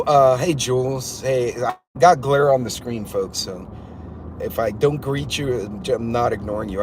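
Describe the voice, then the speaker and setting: A middle-aged man hosting a casual livestream from a car, telling a story in an animated, incredulous way. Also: medium pitch, background noise. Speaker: livestream host.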